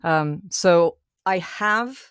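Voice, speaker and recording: A woman with a subtle Dublin Irish accent, chatting as a guest voice actor on a podcast in an expressive, talkative way. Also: lowish voice, drawn-out words, clean tone, no room sound, clean studio sound. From Ireland. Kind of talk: casual podcast conversation.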